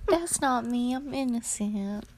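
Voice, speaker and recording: Slow-talking playful woman. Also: on the high side, darkish tone, a little hiss or hum. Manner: playful, unhurried, giggly. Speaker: partner in a couple's game session. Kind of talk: casual chat.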